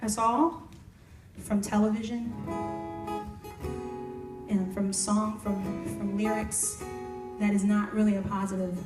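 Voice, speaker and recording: Speaking slowly with long pauses, a woman with a mid-range, level-toned voice chats softly and conversationally with campers, using "y'all," between live songs. She's a singer-songwriter and music therapist performing in a camp room, and the distant mic picks up a roomy sound dominated by loud guitar.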